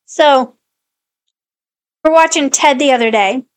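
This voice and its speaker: High-voiced chatty mom. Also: female voice, takes it slowly. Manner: chatty, laughs at her kids' antics. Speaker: podcast co-host. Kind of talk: casual chat.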